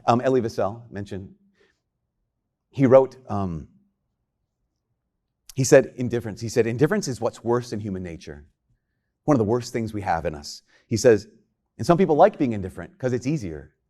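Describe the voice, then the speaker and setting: A priest giving a homily in a conversational, joking way, often acting out quoted lines. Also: male voice, mid-range voice, animated, moderate pace, pauses often, mellow.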